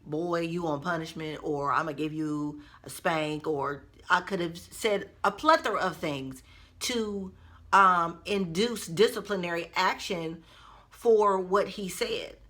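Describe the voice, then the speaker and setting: A woman telling a story to her viewers in a casual vlog, chatty and expressive, talking straight to her audience. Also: lowish voice, takes it slowly. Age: adult mother. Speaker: vlogger.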